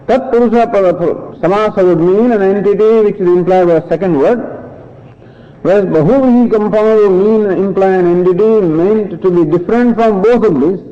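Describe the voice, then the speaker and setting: A man teaching scripture in a patient, explanatory lecture, often pausing and restarting his sentences. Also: high voice. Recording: dull lo-fi recording.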